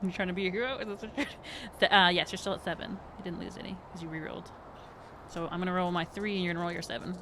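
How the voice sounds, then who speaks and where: A woman's voice: fairly low pitch, steady tone, fast, noisy background. A woman running a tabletop game as game master, patiently explaining the rules and laughing often.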